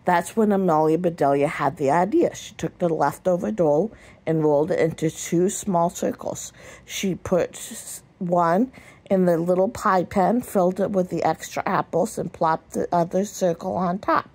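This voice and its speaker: Low-voiced woman reading a picture book. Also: normal speed, slightly rough. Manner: gentle read-aloud with small slips and restarts. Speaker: storybook reader.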